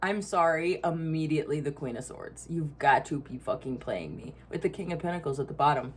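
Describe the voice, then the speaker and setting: Low-voiced, blunt, swearing woman. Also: animated, fairly quick. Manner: blunt, profane, frequent asides and laughs. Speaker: tarot reader. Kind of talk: casual collective tarot reading.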